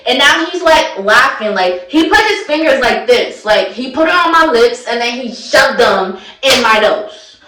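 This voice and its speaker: Young woman, casual storytime, animated and slangy, high-pitched, roomy echo. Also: a little slow, few pauses, distant mic, background noise. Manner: animated, slangy, acts out her own lines in the story. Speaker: vlogger telling a personal story. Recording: echoey room, voice away from mic.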